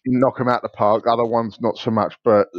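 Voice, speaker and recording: A young man co-hosting a podcast, halting, with many ums and restarts. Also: medium pitch, level tone, no echo. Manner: hesitant, lots of ums and restarts. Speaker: podcast co-host. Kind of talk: casual chat. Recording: dull, lo-fi home recording.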